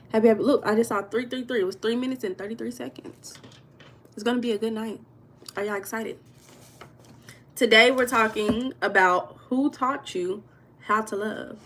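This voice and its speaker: Chatty American woman hosting a live stream. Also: mid-range voice. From United States. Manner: chatty, greets viewers by name, answers comments. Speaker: livestream host reading viewer comments. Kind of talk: casual live chat.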